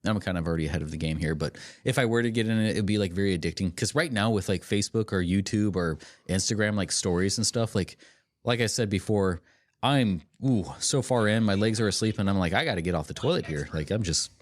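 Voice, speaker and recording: Low-voiced rambling podcast man. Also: brisk, dry recording, studio quality. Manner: rambling, joking, many fillers. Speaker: podcast co-host. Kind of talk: casual chat.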